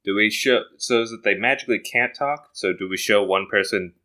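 A man with a bright, forceful voice sitting a little low in pitch. He brainstorms a story in casual chat with friends. He sounds playful and laughs often. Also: brisk.

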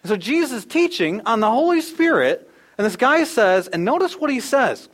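Chatty storyteller pastor, man, higher voice. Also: big pitch swings, normal speed, fairly bright tone. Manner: conversational storytelling, acting out quotes. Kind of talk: sermon.

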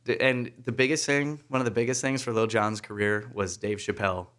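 A man in his thirties co-hosting a casual chat, telling relaxed stories and laughing easily. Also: medium pitch, brisk.

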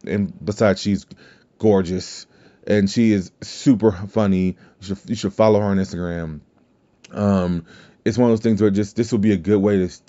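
A podcast host with a Southern US drawl talks in a low, mellow voice, though the audio is dull. It's a casual solo podcast, and he rambles, correcting himself as he goes.

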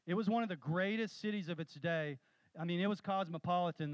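High-pitched excited male preacher. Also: no echo, muffled recording. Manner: animated, rising to excited emphasis. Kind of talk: sermon with storytelling.

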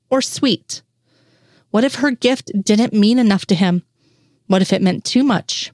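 A woman reading fan fiction aloud in a steady storytelling voice at a middle pitch. She is close to the mic. The sound is dry with no room in it. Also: no echo. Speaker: reader.

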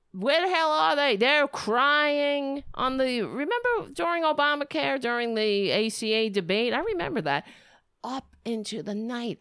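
A woman's voice: a little high, fairly bright tone, clear, resonant tone, no room sound, clean studio sound. A woman hosting a political commentary livestream, sarcastic and rambling, breaking into mocking impressions. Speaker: livestream host.

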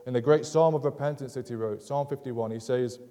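A man preaching a sermon in an earnest, measured way, driving points home through repetition. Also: mid-range voice, warm tone, big-room sound. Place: church sanctuary.

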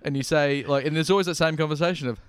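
A man's voice: fairly high pitch, steady tone, rapid-fire, smooth, dry recording. A young Australian man co-hosting a casual comedic podcast, rambling and laughing often as he talks. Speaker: podcast co-host.

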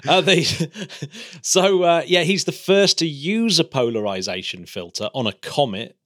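A man's voice: fairly high pitch, animated, unhurried, fairly bright tone, dry recording. Eager male podcast host, dry sound. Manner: eager, explaining with enthusiasm. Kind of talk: casual chat.

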